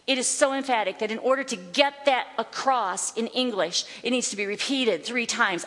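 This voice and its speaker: A woman Bible teacher teaching from a stage, emphatic, slowing down to declare scripture. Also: fairly high pitch, a bit bright. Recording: long hall reverb.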